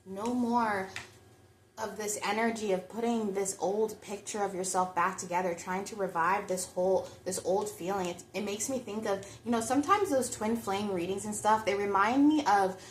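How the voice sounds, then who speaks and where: A woman's voice: mid-range voice, normal speed, roomy sound, slight background noise. A woman giving a chatty pick-a-card tarot reading, talking straight to her viewers. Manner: chatty, reflective, addresses viewers directly. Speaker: tarot reader.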